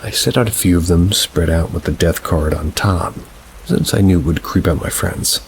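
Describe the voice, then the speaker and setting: Deep-voiced man reading slowly. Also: gravelly, a little hiss or hum, rough recording. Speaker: narrator. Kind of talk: scripted narration of submitted scary stories.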